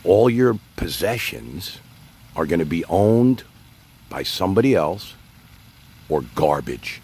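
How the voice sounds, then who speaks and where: A man's voice: deep voice, very animated, slow, darkish tone, slightly rough. A man hosting his own livestream, rambling casually and talking straight to his chat. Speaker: livestream host.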